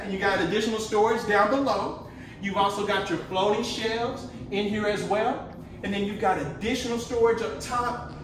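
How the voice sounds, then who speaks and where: A man with a high voice gives an upbeat sales walkthrough and talks straight to his viewers. He is recorded inside a small manufactured home. The sound comes from a mic far off in very echoey rooms. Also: fairly bright tone. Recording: echoey room, mic far off, faint noise.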